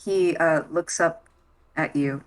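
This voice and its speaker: A woman narrating as game master in a tabletop game, slow and calm. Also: low-pitched, rough recording.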